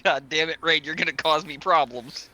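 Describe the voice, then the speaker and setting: A man's voice: a little high, normal speed, bright, forceful tone. A man playing a tabletop game, making wry, joking remarks. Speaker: player. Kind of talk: casual tabletop play.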